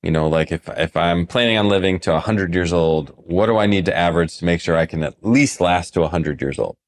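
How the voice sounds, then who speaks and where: Deep-voiced guy, financial advisor, chatty podcast storyteller who acts out his clients. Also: brisk.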